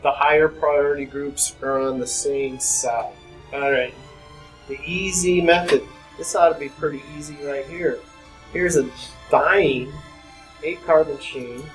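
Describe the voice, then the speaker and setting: A man's voice: fairly high pitch, fairly even intonation, a little slow, faint music behind, low-quality recording. Man lecturing chemistry to a class. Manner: conversational, addresses students with questions.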